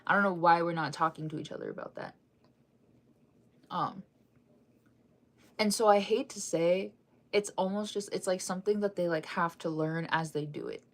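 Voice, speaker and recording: Sleepy, rambling young woman, low-pitched. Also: normal speed, long pauses. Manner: rambling, full of fillers and restarts; sleepy, keeps yawning and sighing. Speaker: fan news vlogger. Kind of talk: casual chat.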